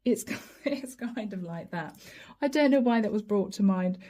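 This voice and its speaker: A woman's voice: medium pitch, normal speed. A woman giving a chatty tarot reading to camera, slipping into quoted voices. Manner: lively, chatty, often acts out quoted voices and asides. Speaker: tarot reader.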